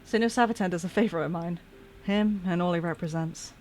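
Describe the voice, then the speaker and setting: A woman's voice: fairly low pitch, fast talker, a little mellow, slight background noise, lightly acted. A woman reading as a chatty reminiscing workman. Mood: fond. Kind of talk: reading game dialogue aloud.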